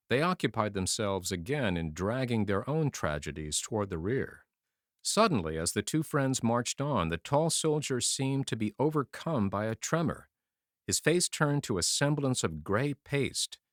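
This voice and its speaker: A man reading a novel aloud as audiobook narration, with an expressive storytelling manner. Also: fairly low pitch, dry recording, studio quality. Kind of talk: scripted narration.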